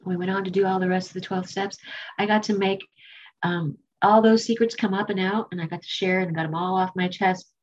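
Husky woman sharing her sobriety story, candid n a bit choked up, dull muffled recording. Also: medium pitch, fairly even intonation, brisk. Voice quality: candid, emotional, self-mocking. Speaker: recovery meeting speaker. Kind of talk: personal recovery testimony.

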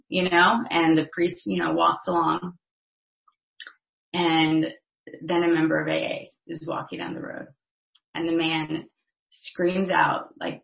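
A woman's voice: on the low side, little pitch movement, normal speed, vocal fry. A woman giving a personal testimony at a recovery meeting, talking casually with many fillers. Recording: echoey, slightly dull recording.

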